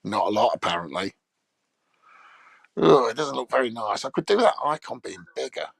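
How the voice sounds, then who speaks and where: A middle-aged man rambles through a live stream, swearing freely and mocking whatever he reads. His voice is gravelly and jumps around in pitch. The sound is dry and close. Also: big pitch swings, normal speed, fairly bright tone, no room sound.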